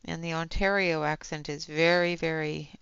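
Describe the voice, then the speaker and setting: Low-voiced Western Canadian woman with gravel and a bright edge, hosting a casual colouring stream; close, dry, a bit lo-fi. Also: steady tone, moderate pace, no room sound. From British Columbia, Canada. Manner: chatty, talks softly while working. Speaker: colouring livestream host. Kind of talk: casual chat while colouring.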